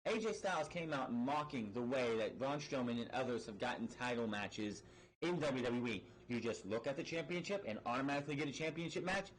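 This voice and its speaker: A man's voice: medium pitch, animated, slight background noise, poor audio. A man giving a blunt, sarcastic recap of a wrestling episode, swearing freely and restarting his sentences often. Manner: rapid recap with frequent restarts and fillers. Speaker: wrestling show reviewer. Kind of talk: casual recap commentary.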